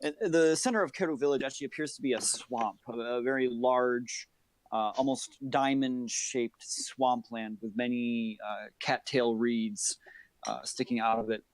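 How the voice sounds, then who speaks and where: A man narrating a tabletop game as game master, describing scenes in detail with many filler pauses. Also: mid-range voice, steady tone.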